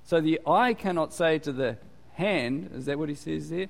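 A man gives a relaxed, talky sermon in a church, asking his congregation questions as he goes. His voice sits a little high for a man. The sound rings with the long reverb of a large hall. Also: moderate pace, gravelly. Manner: chatty, quizzes the congregation. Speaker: pastor. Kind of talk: conversational sermon.

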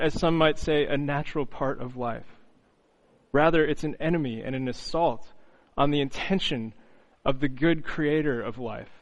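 A man preaching an earnest, reflective sermon, often pausing on "you know" and restarting phrases. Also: mid-range voice, rough recording.

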